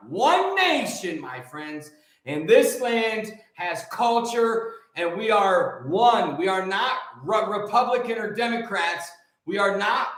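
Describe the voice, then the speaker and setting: A male host giving an emphatic, preachy motivational monologue, stretching key words out slowly. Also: high voice, a bit bright. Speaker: show host. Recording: very echoey room.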